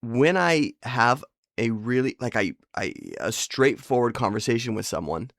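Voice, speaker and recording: A man hosting a podcast, telling rambling, self-deprecating stories in a casual monologue and slipping into quick voice impressions. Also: medium pitch, expressive, fairly bright tone, no room sound, clean studio sound. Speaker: podcast host.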